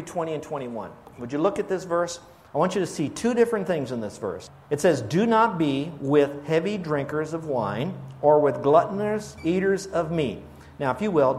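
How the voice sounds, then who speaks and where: A man preaching a sermon as a pastor, conversational and emphatic, asking the congregation questions as he teaches. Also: fairly high pitch.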